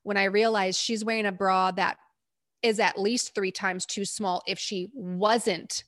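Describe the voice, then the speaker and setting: A woman's voice: medium pitch, steady tone, measured pace, fairly bright tone, no echo, studio quality. A woman, a medical provider, candidly recounting her field work in an interview, in short emphatic bursts. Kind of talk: interview storytelling.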